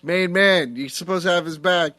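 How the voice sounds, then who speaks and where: A man's voice: sits high, moderate pace, bright, forceful tone, no room sound, studio quality. A man on a podcast, questioning a plot point and arguing his case. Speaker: podcast co-host. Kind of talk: casual chat.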